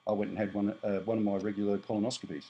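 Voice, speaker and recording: Australian man, fifties, lowish mellow voice, blunt rambling vlog delivery, faint background hiss. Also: level tone, racing, muffled recording. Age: 50s. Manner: blunt, rambling, self-correcting. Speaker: prepper vlogger. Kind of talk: casual monologue to camera.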